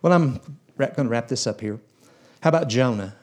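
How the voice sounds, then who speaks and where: A man's voice: mid-range voice, lively intonation, brisk, a little mellow. A man preaching a sermon in a church, telling Bible stories in a folksy way and acting out the characters. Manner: folksy storytelling, acts out biblical characters.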